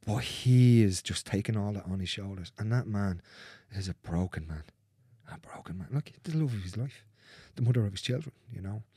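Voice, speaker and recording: A man speaking as a guest in a candid conversation, earnest and repetitive, swearing freely and dropping into soft, near-whispered phrases. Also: on the low side, expressive, fairly quick, hardly any pauses, husky, dry recording, clean studio sound.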